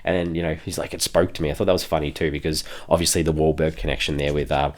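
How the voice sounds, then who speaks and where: A man's voice: very deep voice, little pitch movement, quick pace. A tired man hosting a film review podcast in a casual, rambling way, chuckling often between thoughts. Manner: rambling, chuckles often, many fillers and restarts.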